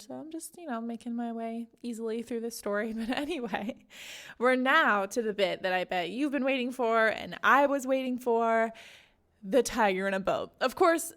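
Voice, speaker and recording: A young woman with a slightly high voice hosts a casual book podcast. She talks in a chatty, easygoing way and acts out the characters' lines with big jumps in pitch. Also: a bit bright. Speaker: podcast host.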